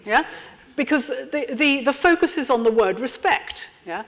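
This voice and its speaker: A woman leading an interactive training workshop, lively and constantly checking in with her audience. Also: high-pitched, measured pace. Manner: lively, checks in with frequent "yeah?". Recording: lecture room with long reverb.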